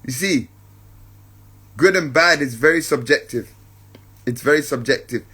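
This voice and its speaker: A male podcast host with a bright, forceful, slightly rough mid-range voice talks reflectively on his spiritual show. He is in no hurry, repeats ideas for emphasis, and regularly checks in with listeners, whom he calls family.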